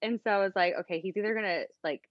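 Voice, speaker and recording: A young woman from the States chats as a podcast guest and tells a story with lively energy. She acts out each quoted line and fills her speech with "like." Her voice sits at an ordinary middle pitch, and the sound is dry but a little dull. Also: racing, dry recording. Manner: animated, acts out quoted dialogue, heavy use of "like". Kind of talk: casual chat, storytelling.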